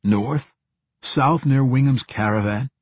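A male narrator voicing a calm male ranger who speaks in a steady, measured and reassuring way. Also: mid-range voice, breathy edge, pitched above the performer's own voice.

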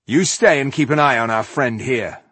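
A man's voice: mid-range voice, normal speed, a bit bright, husky, dry recording, pitched above the performer's own voice. A man doing a stern dwarf leader. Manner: curt, commanding.

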